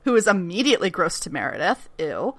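This co-host speaks quickly in a fairly low voice, with no room sound in the recording. She recaps a TV episode in a lively, profane, casual way and mimics what the characters say.

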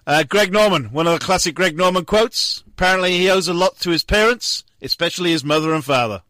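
A man's voice: high-pitched, fairly quick, pushed and bright, no room sound. A man co-hosting a podcast, reading out funny quotes in an upbeat casual way. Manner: upbeat, laughs at his own jokes. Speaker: podcast co-host.

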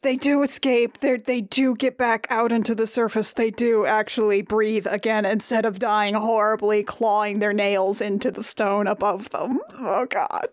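A woman's voice: medium pitch, steady tone, moderate pace, few pauses, dry recording, clean studio sound. A woman co-hosting a podcast, reacting expressively and laughing in casual movie chat. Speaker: podcast co-host.

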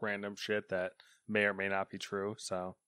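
A man's voice: lowish voice, monotone, normal speed, bright, forceful tone, clean tone, no room sound. A man co-hosting a casual gaming news podcast, answering with dry, laid-back quips. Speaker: podcast co-host.

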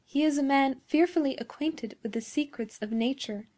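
A woman's voice: high-pitched, normal speed, pitched above the performer's own voice, close to an everyday voice. A woman voicing a sweet, innocent young woman. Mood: earnest. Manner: soft and simple.

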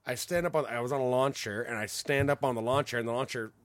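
A man chatting casually on a podcast, telling a story with animated delivery, swearing freely and laughing as he goes. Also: mid-range voice, fast talker, no echo.

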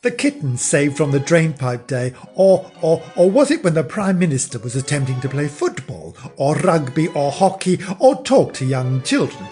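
Bossy, absent-minded older woman, voiced by a man, brisk and rambling. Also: sing-song, darkish tone, soft background music. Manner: brisk raised falsetto, rambling.

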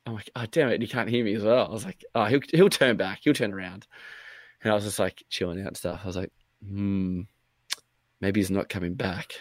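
Aussie bloke rambling through a story, lots of "like", swears a bit, lowish voice. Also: male voice, fast talker, no room sound. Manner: rambling, filler-heavy, acts out his own quotes, swears freely. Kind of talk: casual storytelling chat.

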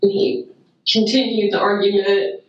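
A woman giving a halting, whimpering account in a recorded police interview, heard on an echoey archive recording. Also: medium pitch, steady tone, far from the mic, muffled recording, noisy background. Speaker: caller reporting an emergency.

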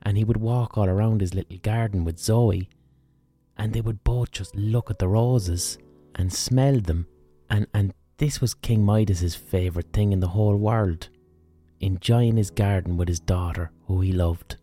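An Irish man tells an old myth in a loose, colloquial way, swearing freely. His voice is low and very mellow. Faint music plays under him. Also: measured pace. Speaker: podcast host. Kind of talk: casual storytelling.

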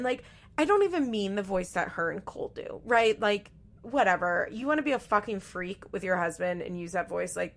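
A woman's voice: medium pitch, gravelly, a bit bright. A young adult woman hosting a show, giving blunt, profane commentary on a reality show in casual chat. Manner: blunt, profane and frank, with frequent fillers. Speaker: podcast host recapping a reality show.

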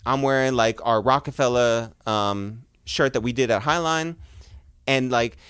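A man's voice: mid-range voice, unhurried, a bit bright, clear, resonant tone, no room sound, studio quality. A young adult man hosting a casual chat, telling a story animatedly and quoting what others said. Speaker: podcast host.

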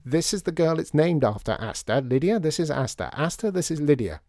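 A man reading a story, voicing a cheerful young woman who speaks briskly and matter-of-factly. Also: on the high side, big pitch swings, darkish tone, no room sound, clean studio sound, voice pushed up.

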